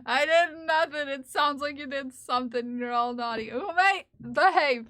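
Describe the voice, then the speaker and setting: High, bright-voiced woman streamer. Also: moderate pace. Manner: playful mock-scolding of chat; giggly and teasing. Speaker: live streamer. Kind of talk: casual live-stream chat while knitting.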